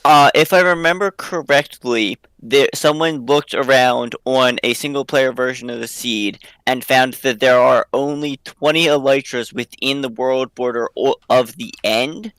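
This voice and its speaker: A man's voice: mid-range voice, a little slow, hardly any pauses, a bit bright, smooth, no echo, poor audio. A man in casual voice chat, politely and carefully laying out a concern. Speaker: server player speaking up.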